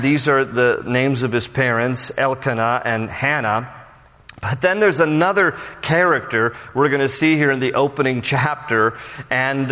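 A man's voice: mid-range voice, pushed and bright. A man preaching as a pastor, teaching from the Bible in a conversational way with storytelling asides. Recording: long reverb of a large hall.

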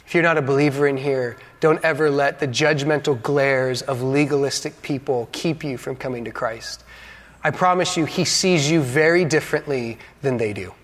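A man, a pastor, preaching a sermon with dramatic pauses, acting out the quotes and adding joking asides to the congregation. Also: mid-range voice. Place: church hall. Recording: long reverb of a large hall.

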